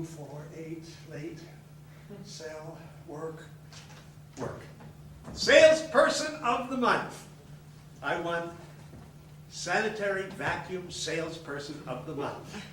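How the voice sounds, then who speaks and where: An actor on stage playing a bitter, boastful man in group therapy, stammering through repetitions and turning sarcastic, with bursts of shouting. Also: fairly high pitch, distant mic. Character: bitter, boastful middle-aged male loser in group therapy. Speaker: stage monologue character. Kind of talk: live theatre monologue. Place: theatre stage. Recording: echoey theatre recorded from afar, noisy.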